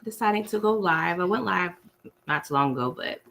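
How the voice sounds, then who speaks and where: A woman's voice: fairly low pitch, lively intonation, a little fast, creaky, fairly bright tone. A woman from the US East Coast with an East Coast accent, hosting a casual livestream, chatting with viewers and laughing while eating dinner on a laptop mic. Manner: chewing while talking. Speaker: livestream host.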